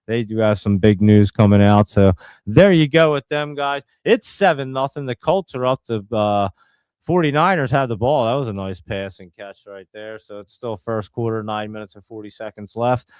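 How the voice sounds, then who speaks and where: A livestream host with a lowish, darkish, smooth voice talks at a moderate pace with no echo. His market commentary is casual, rambling and joking, loose and off-the-cuff, and he reads out viewers' chat as he goes.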